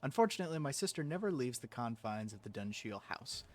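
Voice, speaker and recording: A man's voice: medium pitch, big pitch swings, fast, darkish tone. A man voicing an estranged young male heir who plots a murder, reading the game's dialogue aloud. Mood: scheming.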